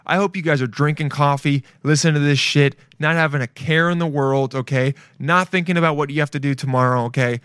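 A man's voice: on the high side, fairly even intonation, brisk, hardly any pauses, fairly bright tone, smooth, no echo, clean studio sound. Laid-back, profane male podcast host. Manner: loose, rambling and profane, with playful asides. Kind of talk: casual solo show chat.

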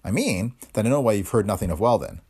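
A man voicing a calm, smug male private detective who explains blandly. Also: lowish voice, fast talker, breathy edge.

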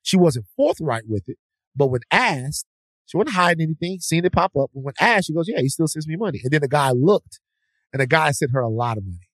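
A man's voice: a little high, sing-song, a little fast, dry recording, clean studio sound. A man co-hosting a podcast, telling a story in a casual, slangy, rambling way with restarts. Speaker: podcast co-host.

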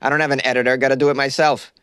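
A man's voice: mid-range voice, flat delivery, racing, a bit bright, clean tone, dry recording, clean studio sound. A young man hosting a comedy podcast from a closet, rambling loosely and mocking himself while caffeinated and stoned.

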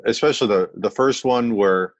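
A man co-hosting a podcast, talking in a relaxed, hesitant way with plenty of fillers. His voice is somewhat low. The sound is dry and close. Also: normal speed, dry recording, highs cut off. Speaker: podcast co-host. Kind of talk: casual chat.

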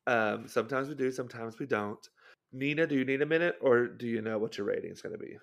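A man from Arkansas hosts a podcast in a middle-pitched voice. He keeps the chat moving, brings in segments and riffs with his guests. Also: fast, creaky. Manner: chatty, leads the segments. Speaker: podcast host. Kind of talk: casual chat.

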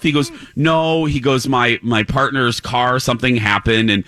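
A man hosting a morning radio show, telling a self-deprecating story with lively, animated delivery. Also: medium pitch, normal speed, background noise. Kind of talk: casual morning radio chat.

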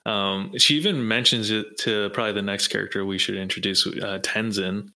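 Chill podcast guy, lowish voice but real bright and clear. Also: fairly even intonation, normal speed. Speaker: podcast co-host. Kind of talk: casual chat about a cartoon series.

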